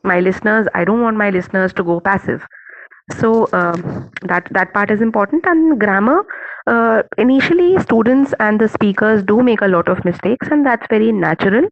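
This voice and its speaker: A woman with an Indian accent giving an online teacher-training talk, measured and earnest, with many fillers and restarts. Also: mid-range voice, no echo. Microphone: video call. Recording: dull lo-fi call audio.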